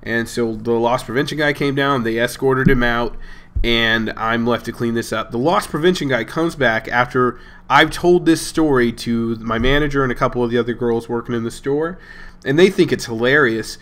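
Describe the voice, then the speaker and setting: Young male gaming host, mid-pitched, casual, rambling storyteller who chuckles often. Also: normal speed, a bit bright. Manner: rambling and amused, chuckling between lines. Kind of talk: casual storytelling over gameplay.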